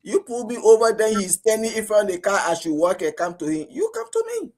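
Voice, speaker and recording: A Liberian man giving animated talk radio commentary, acting out police stops as he argues. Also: fairly quick. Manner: animated, rising pitch when outraged, acts out police exchanges. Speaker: radio panelist.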